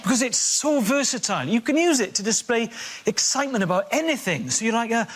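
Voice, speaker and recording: A man in his thirties doing a stand-up routine, animated and bursting into shrill character voices. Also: a little fast, very noisy. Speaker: comedian.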